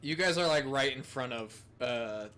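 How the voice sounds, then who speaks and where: A man acts as game master for a tabletop game, narrating playfully in a mid-range, animated voice at a moderate pace. His tone is bright and forceful, with a little hiss or hum in the background.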